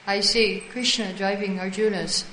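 A woman leads a devotional class, retelling old stories and acting out the quoted dialogue. She answers her listeners as she goes. Her voice sits at an everyday middle pitch and carries a roomy echo. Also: steady tone, normal speed, pushed and bright, slight background noise. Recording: echoey room.

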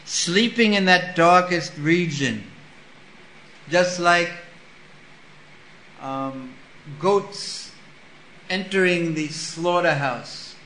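A man giving a sermon, reading a scripture passage and explaining it with lively stories. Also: on the high side, extremely slow, long pauses, roomy sound, a little hiss or hum, poor audio. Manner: storytelling with acted-out voices. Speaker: spiritual teacher.

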